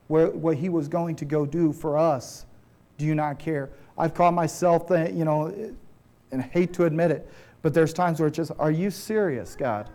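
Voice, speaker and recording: A man's voice: a little high, warm tone. A man preaching a sermon to his congregation in an earnest, conversational way, often restarting his phrases. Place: church.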